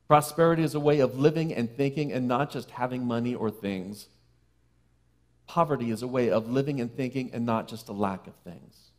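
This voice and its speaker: Guy preaching a sermon in a church, talks to the people like friends, drops soft and slow for the key bits. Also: mid-range voice. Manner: conversational, playful asides to the congregation; slows and softens for key phrases. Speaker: minister. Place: church sanctuary.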